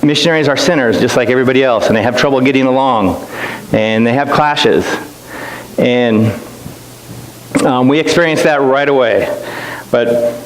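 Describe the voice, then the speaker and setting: In an echoey church hall with a faint hiss, a middle-aged guest missionary addresses the congregation in a mid-range voice at normal speed. His storytelling is chatty and self-deprecating, full of restarts.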